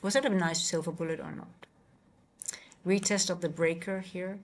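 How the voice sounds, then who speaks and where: A woman's voice: lowish voice, fairly even intonation, moderate pace. A woman from the Netherlands with a Dutch accent, talking casually on a live futures trading stream, answering chat and often correcting herself.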